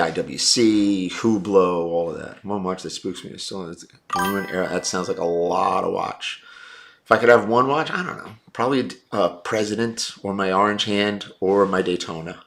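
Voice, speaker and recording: A man's voice: sits low, a bit bright. A man hosting a livestream, reading viewer comments and giving blunt, opinionated takes. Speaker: livestream host.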